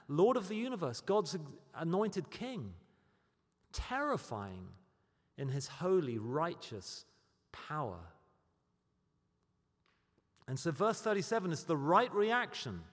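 A man preaching a sermon, moving between loud, emphatic declarations and quiet, storytelling asides. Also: a little high. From Britain. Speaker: pastor. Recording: long hall reverb.

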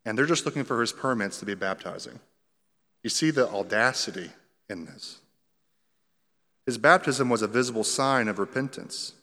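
A man preaches, walking through scripture verse by verse in an easy, conversational way, with flashes of humor. His voice sits at an ordinary pitch. It rings out with the long reverb of a large hall. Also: normal speed, pauses often, pushed and bright. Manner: conversational, explains scripture line by line with light humor. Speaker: pastor. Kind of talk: expository sermon.

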